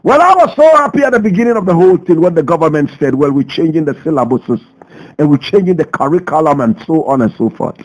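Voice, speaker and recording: A Ghanaian man hosting a radio show, delivering a passionate commentary full of rhetorical questions, swinging between loud outbursts and low asides. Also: animated, quick pace, poor audio. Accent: Ghanaian English. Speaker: radio host. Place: radio studio.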